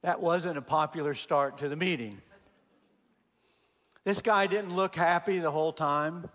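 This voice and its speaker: High-voiced man preaching in a hall. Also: measured pace. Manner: animated storyteller, acts out quotes. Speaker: guest speaker. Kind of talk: sermon storytelling.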